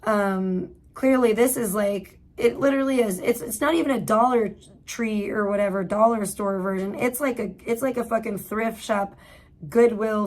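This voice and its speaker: A woman hosting a livestream, giving blunt, profane commentary in casual, rambling talk. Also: medium pitch. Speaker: livestream host.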